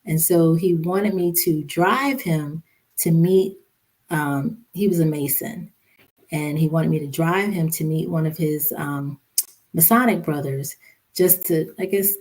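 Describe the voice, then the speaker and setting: Female interview guest with a low, mellow voice, telling a grave personal story haltingly. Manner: halting, many "you know" fillers; somber, recounting a hard memory. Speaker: podcast guest, social worker and mother.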